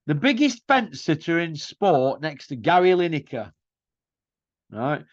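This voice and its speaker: A man's voice: a little high, big pitch swings, measured pace, no room sound. Combative man ranting. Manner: mocking, combative, full of rhetorical questions. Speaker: boxing commentary host. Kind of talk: ranting opinion monologue. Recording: dull lo-fi dry sound.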